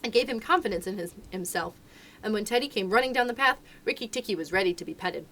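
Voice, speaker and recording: A woman, a children's librarian, reading a storybook aloud with expressive, lively narration. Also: mid-range voice, fast, slight background noise.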